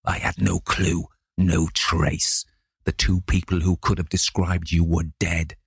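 A man reading an audiobook, voicing a gruff vengeful sailor who speaks in slow, growling threats. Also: deep voice, level tone, no room sound, studio quality, full character voice. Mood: grim.

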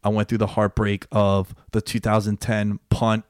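A young man hosting a casual podcast, telling sports stories with excitement and plenty of swearing. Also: lowish voice, normal speed, clean tone, no echo, clean studio sound. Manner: excitable storyteller, swears freely. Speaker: podcast host. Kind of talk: casual chat.

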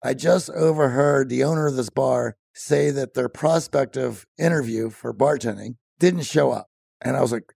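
A man from Pennsylvania, a podcast co-host, telling his story in an interview with lively animation and frequent laughs. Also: medium pitch, normal speed, vocal fry, husky, no echo, studio quality. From Pennsylvania, USA.

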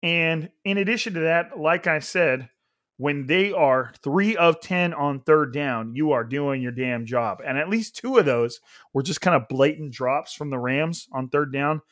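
A man's voice: a little high, measured pace, a bit bright, no room sound, clean studio sound. A man hosting a sports podcast, breaking down a football game in a casual, conversational way with frequent restarts. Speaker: podcast host.

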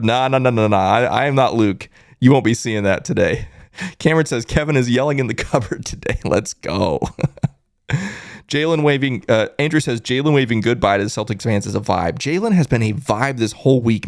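A man hosting a hyped postgame live stream, reading chat aloud and shouting with excitement. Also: mid-range voice, no room sound, studio quality. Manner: excited, loud, shouting catchphrases. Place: closet at a family home.

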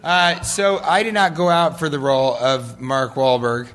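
A man's voice: mid-range voice, steady tone, a little slow, fairly bright tone. A man answering audience questions in a loose, joking way, often laughing as he tells stories. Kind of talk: live audience Q&A storytelling.

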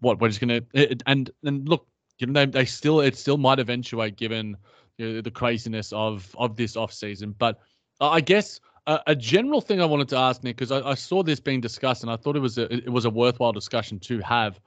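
A man's voice: mid-range voice, fairly quick, a bit bright, no echo. A man with an Australian accent co-hosting a sports podcast in casual chat, talking in restarts and asides. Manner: chatty, many restarts and asides. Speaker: podcast co-host. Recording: dull lo-fi dry sound.

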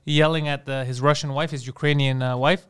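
A man with a high, smooth and resonant voice, riffing through a loose comedy podcast. He rambles, swears freely and keeps drifting into laughter between stories. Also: fairly even intonation, fairly quick. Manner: rambling, profane, laughs often. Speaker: podcast co-host. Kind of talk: casual comedic chat.

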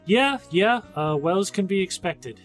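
A man's voice: sits high, lively intonation, unhurried, faint music behind. Hesitant male podcast co-host. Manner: hesitant, with false starts. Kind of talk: casual chat.

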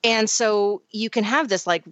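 A woman's voice: mid-range voice, unhurried, dry recording, lo-fi sound. A woman co-hosting a podcast, explaining science in a casual, chatty way with frequent restarts. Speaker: podcast co-host.

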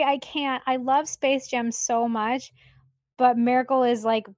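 A woman's voice: fairly high pitch, no room sound, clean studio sound. A woman chatting as a guest on a sports podcast, playful, teasing and apologetic. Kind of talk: casual sports chat.

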